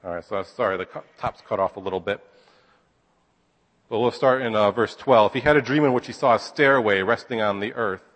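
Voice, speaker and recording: A man's voice: on the low side, brisk, a bit bright. A man preaching a sermon, retelling a story in a casual, chatty way with frequent asides. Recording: reverberant hall.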